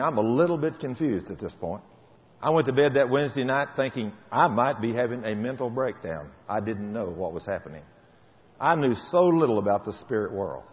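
A man delivers a testimony sermon as a story, his voice rising loud and then dropping quiet. He has a medium pitch. A long hall reverb trails behind the dull, lo-fi sound. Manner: dramatic, storytelling, swings between loud and soft. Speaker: preacher giving a testimony.

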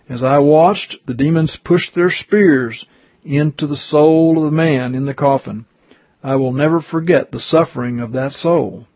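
A man reads a religious testimony aloud, earnest and slow, with small stumbles and asides. His voice is husky and breathy. The recording is dry and lo-fi, with no room sound. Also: a little high, dry recording. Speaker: reader.

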